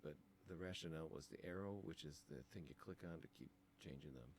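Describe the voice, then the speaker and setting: A man's voice: extremely low pitch, fast talker, a little hiss or hum. A man teaching design, talking through files on a screen capture in a casual, thinking-aloud way with many ums. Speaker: design instructor.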